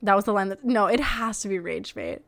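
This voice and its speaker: A woman's voice: mid-range voice, a little fast, creaky, a bit bright. A young woman reads online posts aloud on her stream and talks over them in a casual, chatty way. She sounds incredulous at what she reads, laughs often and swears without a second thought. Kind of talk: casual reaction commentary.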